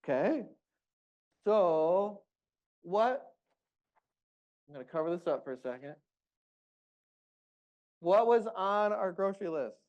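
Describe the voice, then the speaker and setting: A man's voice: sits high, lively intonation, moderate pace, long pauses, muffled recording. A man leading a group music workshop, giving encouraging, upbeat instructions.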